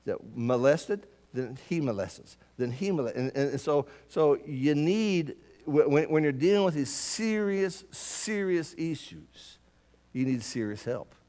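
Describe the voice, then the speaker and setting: A man's voice: on the high side, darkish tone. A man teaching a Bible class at church, earnest and emphatic, often stumbling into repeated words as he restarts his sentences.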